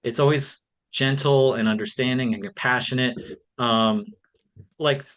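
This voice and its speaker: A man's voice: medium pitch, steady tone, measured pace, a bit bright. A man speaking as a podcast guest in a casual interview, earnest and reflective, with frequent "um" and "like". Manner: earnest, reflective, many fillers.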